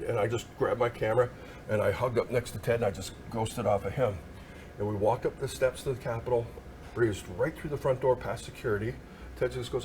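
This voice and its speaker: A man who works as a news photographer, telling a lively anecdote in a casual chat on a TV news segment. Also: medium pitch, fairly quick, slight background noise. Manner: animated anecdote teller, acts out quoted voices. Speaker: news photographer and history storyteller. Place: TV news studio.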